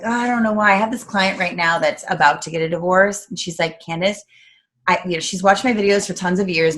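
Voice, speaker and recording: A middle-aged woman from the United States, talking earnestly in a casual interview and acting out the voices of people she quotes. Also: fairly low pitch. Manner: earnest, animated, acts out quoted talk. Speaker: guest speaker, coach.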